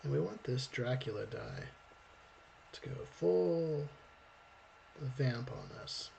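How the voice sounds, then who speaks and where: Gravelly man chatting while he draws. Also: mid-range voice, expressive, slow, darkish tone, highs cut off, slight background noise. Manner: chatty, thinks aloud while drawing, laughs often. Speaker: storyboard artist hosting a live stream. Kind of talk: casual live-stream drawing demo.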